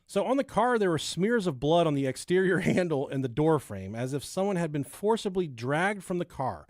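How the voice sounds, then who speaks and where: Podcast co-host, male, slightly high voice, dry close sound, loose and profane storyteller. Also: very animated, moderate pace, a little mellow, dry recording. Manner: laid-back, swearing, laughing at his own joke. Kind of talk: casual podcast chat and true-crime storytelling.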